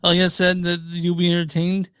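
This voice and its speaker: A man co-hosts a movie podcast, giving his opinions in a rambling, halting way with lots of fillers. His voice is high for a man. The sound is close and dry with no room echo. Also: completely flat delivery, a bit bright, clean tone. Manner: rambling, hesitant, many fillers and restarts. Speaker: podcast co-host reviewing movies. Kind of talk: casual chat.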